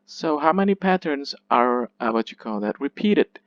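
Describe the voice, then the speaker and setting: A man's voice: medium pitch, animated, moderate pace, no room sound, muffled recording. A man teaching a literature class, explaining patiently, often checking in with his listeners and correcting himself as he goes. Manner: hesitant, with restarts and self-corrections. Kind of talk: recorded lecture.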